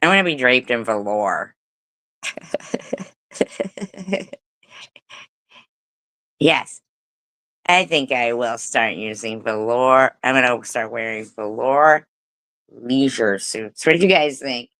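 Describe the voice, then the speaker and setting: A woman's voice: extremely low pitch, slow pace, long pauses, a bit bright, no echo. A woman hosting a casual live stream, giggling often, swearing freely and breaking into playful bits of song. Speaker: livestream host.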